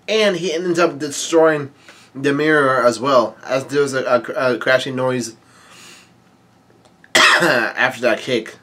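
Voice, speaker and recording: Man, casual manga commentary, halting speech with many fillers and restarts, mid pitch. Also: pushed and bright. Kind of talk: casual read-aloud commentary.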